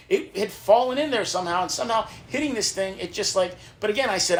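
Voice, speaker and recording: Male podcast host, raised voice, gravelly edge, animated and profane storyteller. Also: high-pitched, fast talker, hardly any pauses. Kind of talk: casual storytelling chat.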